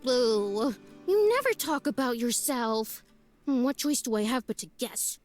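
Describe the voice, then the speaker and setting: Woman doing a high sing-songy nosy lady, teasing, bouncy voice. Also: expressive, measured pace, darkish tone, faint music behind. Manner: sing-songy and playfully prying.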